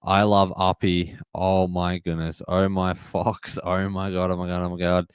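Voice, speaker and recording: A man hosting a live match-reaction stream, excitable and emotional, shouting at big plays. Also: deep voice, a little slow, clean tone, no echo, clean studio sound.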